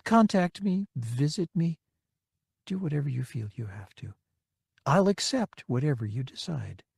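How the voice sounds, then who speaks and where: A tentative, hopeful young woman, read by a man in an audiobook, her voice rising and falling with lively pitch. She pleads gently, and the recording is dry and close. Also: unhurried, creaky, slightly rough, no room sound, full character voice. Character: hopeful young redheaded woman in a holo message. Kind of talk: audiobook character reading.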